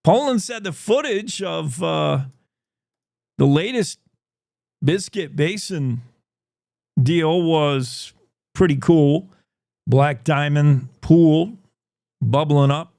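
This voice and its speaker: A man's voice: a little high, slow, gravelly, pauses often, darkish tone, no room sound, clean studio sound. Joking man hosting news. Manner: joking, rambling, with comic asides. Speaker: show host. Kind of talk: casual news commentary.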